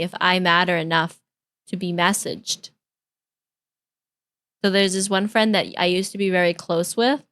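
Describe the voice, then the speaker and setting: A woman's voice: on the low side, a bit bright. A woman VTuber streamer chatting casually to her stream, candid and rambling, venting with some exasperation. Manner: candid, rambling, with restarts and repeated phrases. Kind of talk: casual reaction-stream chat.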